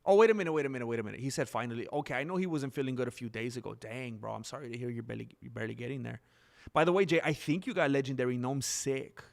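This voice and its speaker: A man's voice: mid-range voice, rapid-fire, creaky. A man hosting a casual livestream, rambling and reacting to the chat with lots of ums. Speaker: livestream host. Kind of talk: casual live-stream chat.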